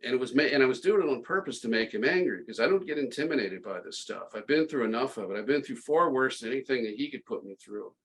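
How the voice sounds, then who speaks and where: This middle-aged podcast guest spins sarcastic, tongue-in-cheek stories in a casual way, starting and stopping often and restarting many times. His ordinary mid-range voice is expressive, fast, a bit bright, and husky, with few pauses. The recording is rough.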